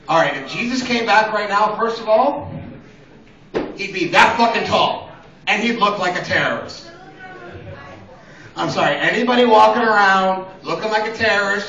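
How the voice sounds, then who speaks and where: A man works a small open-mic stage with crude, rambling stand-up, now and then acting out voices. His voice sits high and bright. The lo-fi recording catches him from a distance in a roomy space. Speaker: stand-up comedian.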